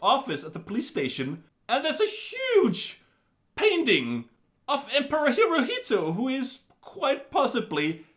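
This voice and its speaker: A man giving a casual film review in an animated, wry way, full of chatty asides. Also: very high-pitched, unhurried.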